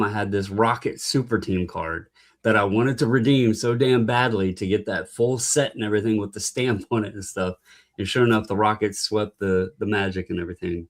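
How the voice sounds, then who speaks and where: A man guest on a casual podcast, telling a halting, rambling story with many restarts. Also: on the low side.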